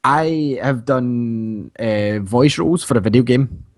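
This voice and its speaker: A man's voice: mid-range voice, takes it slowly, no room sound. Scottish guy from fife rambling thru a story on a podcast, dry mic, mid voice. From Scotland. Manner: rambling, storytelling, laughs often. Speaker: podcast co-host. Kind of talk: casual chat.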